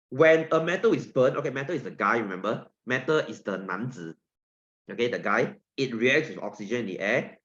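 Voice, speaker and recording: A man's voice: fairly low pitch, a bit bright, dull audio. A man with a Singaporean accent teaching an online science lesson, playful and jokey, full of teasing analogies.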